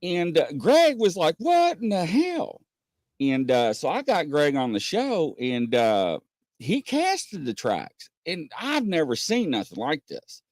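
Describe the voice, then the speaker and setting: A man hosting a casual podcast, telling stories with lots of pauses and acting out what people said. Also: fairly high pitch, wildly swooping pitch, no echo, clean studio sound. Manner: rambling storyteller, many "uh" pauses, acts out quotes. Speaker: podcast host. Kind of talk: casual chat.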